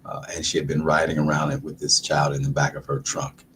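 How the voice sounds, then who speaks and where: Man, very low voice, laid-back livestream host, dry throat, faint room hum. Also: fairly quick. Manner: relaxed, repetitive greetings to viewers. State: dry throat, sucking a lozenge. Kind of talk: casual livestream chat.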